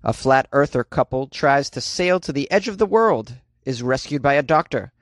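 A man's voice: medium pitch, animated, normal speed, no echo. A man hosting comedic news commentary, reading stories and adding wry, joking asides in a chatty manner. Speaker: host.

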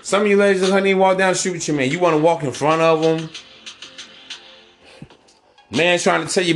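Male podcast host, slightly high voice, blunt and preachy, street slang, faint music underneath. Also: steady tone, normal speed, long pauses. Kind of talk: casual monologue.

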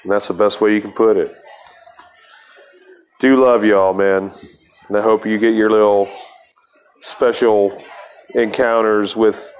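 A man's voice: lowish voice, steady tone, measured pace, long pauses, smooth. A man hosting a podcast, telling a rambling, profane story in a casual monologue with laughs between lines. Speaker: podcast host.

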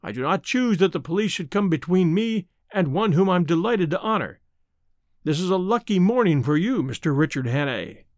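A man voicing a calm, assured old male villain who speaks smoothly with quiet menace, in an audiobook. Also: high-pitched, normal speed, dry recording, studio quality.

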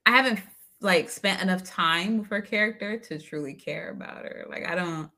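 A woman's voice: fairly low pitch, normal speed, pushed and bright. A woman co-hosting a podcast, playfully mocking a character in casual talk. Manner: laughing, playful, mimicking. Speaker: podcast co-host. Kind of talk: casual movie review chat.

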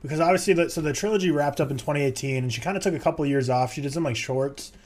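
A man co-hosting a podcast, chatting quickly about films. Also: a little high, a little mellow. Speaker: podcast co-host. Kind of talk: casual podcast chat.

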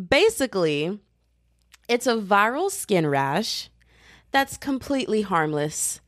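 A young adult woman, a student and podcaster, telling a story in a casual, animated and dramatic way, full of slang and quick asides. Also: on the low side.

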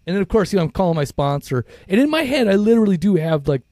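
A man's voice: sits high, big pitch swings, very fast, mellow, no echo, clean studio sound. A middle-aged man co-hosting a recovery podcast, talking candidly with profanity and plenty of fillers. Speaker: podcast co-host. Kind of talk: casual recovery podcast talk.

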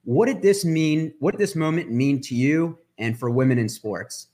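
A man hosting a casual podcast, upbeat and jokey, reading segment intros quickly. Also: fairly high pitch, expressive, warm tone. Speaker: podcast host.

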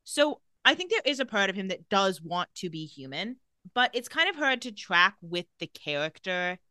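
Bright-voiced woman, sardonic and blunt. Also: medium pitch, big pitch swings, normal speed, no room sound, clean studio sound. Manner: candid, sardonic, swears freely. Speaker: podcast co-host. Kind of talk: casual chat recapping a TV episode.

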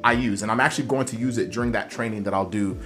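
A man with a lowish voice coaches students applying to physical therapy school in a motivational talk, speaking earnestly at a quick pace with many fillers and restarts. Music plays in the background.

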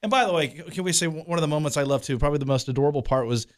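A man co-hosting a show, chatting in a relaxed way and laughing easily. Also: a little high, racing. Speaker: radio show co-host. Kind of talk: casual chat.

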